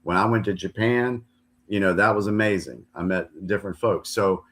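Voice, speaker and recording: A man hosting a live open mic stream, talking in a deliberate way and restating his points. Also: low voice, fairly bright tone. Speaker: host.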